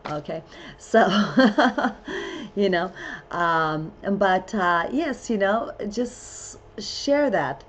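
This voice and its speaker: A woman astrologer hosting a full moon program in a casual, chatty way. She loosely strings her phrases together with many fillers and often breaks into excited whoops. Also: mid-range voice, very slow. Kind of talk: casual spoken forecast.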